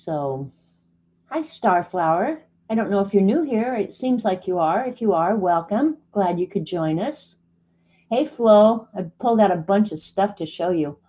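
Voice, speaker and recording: A woman's voice: medium pitch, animated, a little slow, dark tone. A woman hosting a casual art livestream, chatting, greeting viewers by name and reading snarky sayings aloud. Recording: dull lo-fi stream audio.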